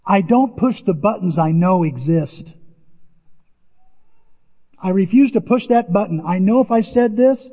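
A man with a high-pitched voice preaches with animated emphasis, repeating his exclamations. The sound rings with a long hall reverb, and the recording is dull and lo-fi. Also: measured pace, long pauses. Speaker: pastor. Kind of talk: sermon.

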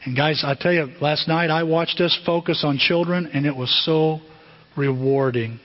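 A man's voice: fairly high pitch, fairly even intonation, moderate pace. A man preaching a sermon as a pastor, talking in a conversational way and asking the congregation questions. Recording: dull lo-fi sound.

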